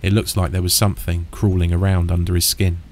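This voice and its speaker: A man narrating a first-person horror story in a steady, understated, deadpan way. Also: sits low, quick pace, slight background noise.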